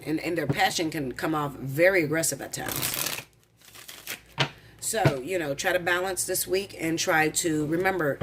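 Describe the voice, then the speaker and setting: Excitable, fast-talking woman tarot reader. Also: sits low, heavy background noise. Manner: rapid, excitable, blunt with swearing. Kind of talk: casual tarot reading.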